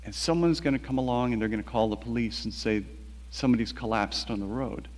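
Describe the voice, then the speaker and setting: Man telling a story in a reverberant space. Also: mid-range voice. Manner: measured, quiet, with frequent halting restarts. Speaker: novelist. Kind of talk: reflective personal storytelling.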